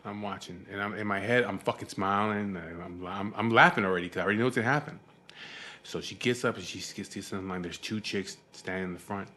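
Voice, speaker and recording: Male vlogger, lowish voice, rambling and profane, exasperated casual storytelling. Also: brisk, sharp tone.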